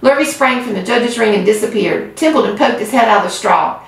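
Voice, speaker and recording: A woman's voice: a little high, fairly quick, gravelly. Woman reading a storybook in an echoey room. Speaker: reader. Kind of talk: reading a children's book aloud. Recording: roomy, far from mic.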